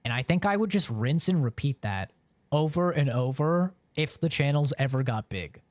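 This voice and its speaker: A man's voice: on the high side, expressive, normal speed, a little mellow, dry recording. A man live-streaming and chatting casually with viewers, rambling along with lots of filler words.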